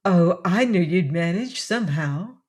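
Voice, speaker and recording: A woman's voice: fairly low pitch, animated, unhurried, darkish tone. A woman reading a shy young secretary. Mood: earnest. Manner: earnest, stammering when flustered. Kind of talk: audiobook character reading.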